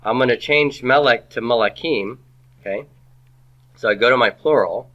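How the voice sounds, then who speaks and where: A man's voice: mid-range voice, normal speed, a bit bright, muffled recording. A man teaching a classroom grammar lecture, quizzing his students with rhetorical questions and dropping playful asides.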